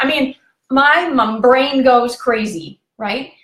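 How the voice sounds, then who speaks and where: A woman's voice: sits high, slow, a bit bright, reverberant. A woman talking casually to her viewers, giving relationship advice with lots of fillers and direct questions. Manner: chatty, addresses viewers directly with frequent fillers. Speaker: relationship vlogger.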